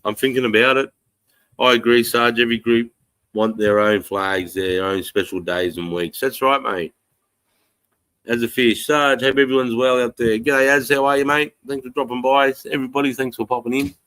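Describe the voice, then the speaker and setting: A man's voice: mid-range voice, steady tone, moderate pace, fairly bright tone, no room sound. An Australian man hosting a casual live chat, reading comments aloud and giving his blunt, rambling, profane opinions. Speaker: livestream host reading chat.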